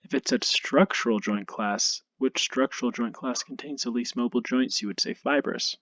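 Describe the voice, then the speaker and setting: A male anatomy instructor giving a recorded lecture over slides, relaxed and self-deprecating, thinking aloud with frequent ums. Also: medium pitch, normal speed, no room sound. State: tired, yawning.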